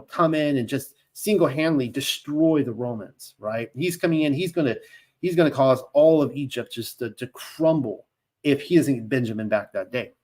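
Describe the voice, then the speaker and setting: A man's voice: mid-range voice, darkish tone. A man teaching a Bible lesson, reading scripture aloud and breaking off into conversational commentary full of asides and restarts.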